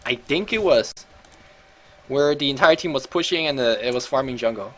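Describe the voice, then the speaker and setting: A man's voice: medium pitch, moderate pace, fairly bright tone. A man casually commentating and coaching over a video game match, chatty and thinking aloud, often correcting himself.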